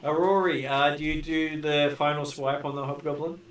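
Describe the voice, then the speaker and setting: A man acting as game master, calmly explaining rules and rulings in a casual tabletop session. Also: fairly high pitch, normal speed, faint music behind. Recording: noisy home recording.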